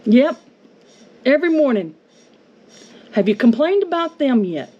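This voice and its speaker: A woman's voice: high voice, sing-song, a little slow. Angry woman venting at home. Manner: indignant, confrontational, rhetorical questions. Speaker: homestead vlogger. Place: home with yard being mowed. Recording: dull lo-fi audio with faint noise.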